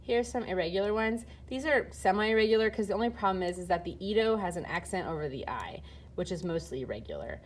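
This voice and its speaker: A woman's voice: medium pitch, lively intonation, fast talker. A woman teaching Spanish grammar, explaining step by step in a casual way with fillers, while filming and typing. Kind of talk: recorded lesson walkthrough.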